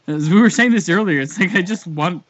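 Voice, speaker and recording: A man's voice: sits high, brisk, a bit bright, no room sound. A man co-hosting a wrestling rewatch podcast, joking crudely and laughing at his own bits. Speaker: podcast co-host. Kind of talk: casual wrestling rewatch chat. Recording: dull lo-fi podcast audio.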